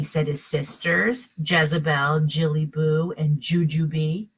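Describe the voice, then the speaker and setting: A woman's voice: low voice, slightly rough, poor audio. A woman teacher at home, reading a picture book aloud to young children and stopping to explain the pictures. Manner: expressive storybook reading, pausing to explain to children. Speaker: kindergarten teacher.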